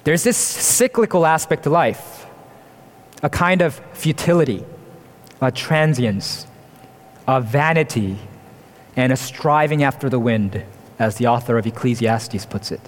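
A man's voice: mid-range voice, lively intonation, unhurried, long pauses, in a large hall. A man preaching a sermon in an earnest, expository way, asking the congregation rhetorical questions.

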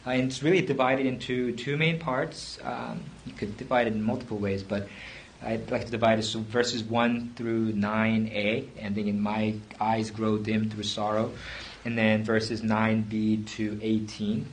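A man preaching a sermon in a conversational teaching manner, often pausing with fillers and restarting his sentences. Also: on the low side, little pitch movement, slight background noise.

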